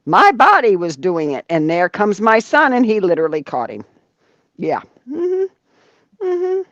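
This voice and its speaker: A woman's voice: mid-range voice, unhurried, dry recording. A middle-aged woman chatting as host of a casual stream, her voice swooping up and down as she acts out every quote. The sound is dull and lo-fi, close and dry. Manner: animated storyteller, acts out quotes, laughs often. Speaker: leatherworking livestream host. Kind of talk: casual chat.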